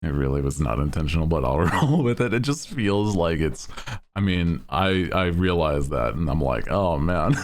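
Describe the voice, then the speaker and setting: A man's voice: very deep voice, lively intonation, normal speed. A man chatting casually while livestreaming a game, rambling playfully and laughing often. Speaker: game streamer.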